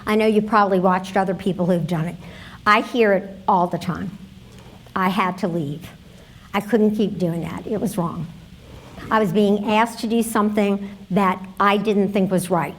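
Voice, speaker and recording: A woman's voice: medium pitch, fairly even intonation, moderate pace, a little hiss or hum. A woman giving a conference workshop talk, conversational and telling stories straight to the audience. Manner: storytelling, conversational, addresses audience directly. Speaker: conference presenter.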